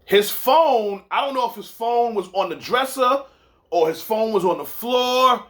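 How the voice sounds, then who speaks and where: A man's voice: extremely high pitch, expressive, a little slow, a bit bright. A man hosting a casual sports podcast, telling stories loosely with repeats and some swearing. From New York. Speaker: podcast host.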